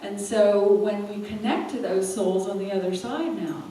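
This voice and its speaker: Woman, animated storyteller at a live talk; distant mic, echoey hall. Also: medium pitch, moderate pace. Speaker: spiritual teacher and speaker. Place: event hall. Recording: echoey hall, from far off, faint room noise.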